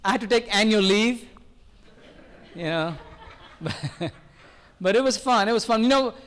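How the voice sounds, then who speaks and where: An older man from India doing a loud, fast-talking live stand-up routine, joking with the crowd at a variety show. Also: high voice, smooth. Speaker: stand-up comedian.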